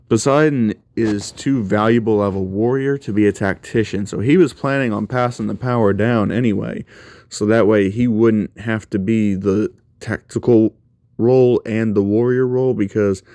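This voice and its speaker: Rich: A man retells a fan story off the cuff, rambling and conversational with plenty of fillers. His voice is on the low side and sounds dry and close, with no room around it. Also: mellow, no echo.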